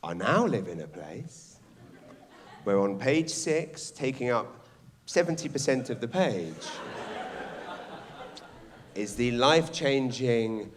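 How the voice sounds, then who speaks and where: Speaking slowly and very animatedly, pausing often, a man with a mid-range voice does stand-up amid crowd noise and a noisy background. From a theatre stage before a live audience, via a stage microphone, he acts out characters, swears, and tells lively stories.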